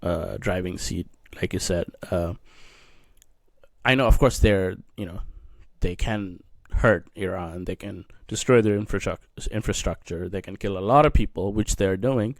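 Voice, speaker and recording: A man co-hosting a casual political discussion podcast, halting and searching for words as he talks. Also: deep voice, no echo, clean studio sound. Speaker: podcast co-host.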